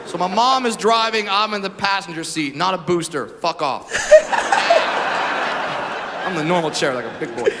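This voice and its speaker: A male stand-up comedian performing a loud, punchy set, shouting his punchlines, recorded in a large theater. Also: sits high, moderate pace, pauses often, background noise. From American South. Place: large theater with live audience. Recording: echoey hall, crowd laughter. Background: audience laughter.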